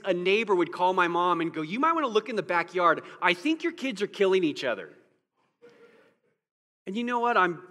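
A man delivers a sermon to his congregation with a high, bright voice that rings through a reverberant church sanctuary. He builds his points with rhetorical questions and lifts his voice for emphasis. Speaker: pastor.

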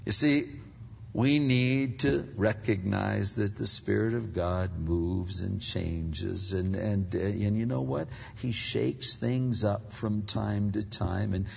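An older man from Pennsylvania preaching a sermon as a pastor, talking conversationally and swinging between loud stretches and hushed ones. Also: on the low side, vocal fry, slightly rough. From Pennsylvania, United States. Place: large church sanctuary. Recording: dull reverberant hall sound.

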